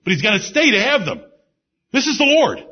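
A man preaching a sermon with emphasis. He repeats key phrases and drops into low asides. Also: huge pitch swings, fairly quick, husky. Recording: dull lo-fi sermon recording.

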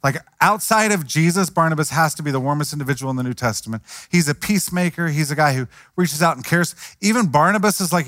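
A man's voice: on the high side, animated, fast talker, hardly any pauses, a bit bright, dry recording, studio quality. A man preaching a sermon in a conversational way, acting out the voices of the people he quotes. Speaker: pastor.

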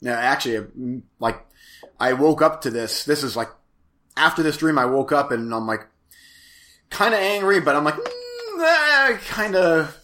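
A man's voice: medium pitch, moderate pace, long pauses, bright, forceful tone. A man co-hosting a podcast, rambling through a story in casual chat and laughing often. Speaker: podcast co-host.

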